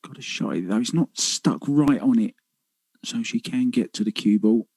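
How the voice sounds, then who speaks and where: A man giving relaxed, chatty live commentary on a pool match. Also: medium pitch, moderate pace, slightly rough, dry recording, rough recording.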